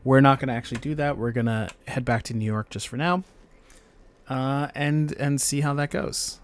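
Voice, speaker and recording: A man streams himself gaming from a home setup on camera, chatting casually to himself at normal speed and medium pitch. His commentary rambles, full of fillers and thoughts he never finishes.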